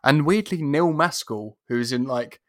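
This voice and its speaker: A man's voice: medium pitch, animated, unhurried, fairly bright tone, no room sound, studio quality. Sweary rambling man chatting. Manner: rambling, sweary, laughs often, mimics film lines. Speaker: podcast co-host. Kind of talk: casual chat.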